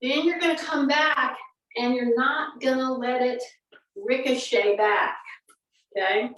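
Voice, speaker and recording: High-voiced woman coaching exercises, echoey room. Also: takes it slowly, a bit bright, far from the mic. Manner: chatty, encouraging, demonstrating while talking. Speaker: fitness instructor. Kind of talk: exercise class instruction.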